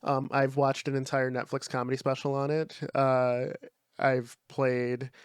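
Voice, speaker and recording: A man's voice: mid-range voice, level tone, unhurried, clear, resonant tone, no room sound. A young man co-hosting a podcast, chatting in a laid-back way, swearing freely and leaning on fillers. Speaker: podcast co-host. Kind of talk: casual chat.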